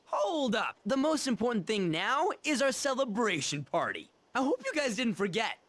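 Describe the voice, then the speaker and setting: Brash teen boy from a game, careless street talk, lively pitch; a woman reads him. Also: normal speed, dry recording. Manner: loud, careless street slang. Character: brash slangy teenage boy delinquent.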